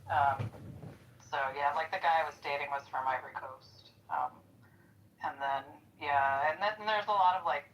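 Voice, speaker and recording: A woman in her forties with a low voice talks in an easy, rambling way and fills her sentences with little pauses and filler words. Faint noise sits under her voice. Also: rough recording. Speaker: chat room participant. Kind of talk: casual chat.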